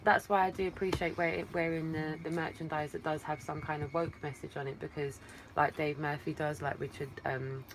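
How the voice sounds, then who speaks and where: A woman's voice: low voice, flat delivery, brisk, few pauses, background noise. An Englishwoman hosting a casual livestream from a phone set some distance away, rambling affectionately and calling viewers darling, her voice tired from a long day of talking. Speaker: livestream host. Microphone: phone placed at a distance.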